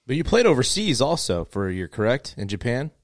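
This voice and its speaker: A man's voice: mid-range voice, very animated, fairly quick, dry recording, clean studio sound. A man interviewing a guest and asking questions in a conversational way. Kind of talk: casual interview.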